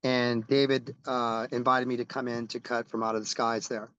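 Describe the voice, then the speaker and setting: Middle-aged man, rock musician, casual interview, rambling animated storyteller, frequent restarts, dry close sound. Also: mid-range voice, moderate pace, clean tone, no room sound, lo-fi sound.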